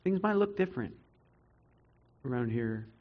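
A man's voice: medium pitch, very animated, unhurried, narrow, tinny audio. Earnest man preaching a sermon. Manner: earnest, dramatic swings between loud emphasis and quiet reflection. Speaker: pastor.

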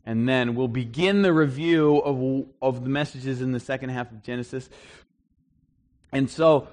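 A man's voice: medium pitch, a little slow. A middle-aged man, a pastor, preaching a conversational sermon to a congregation in a church hall. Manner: conversational teaching, animated and emphatic at points.

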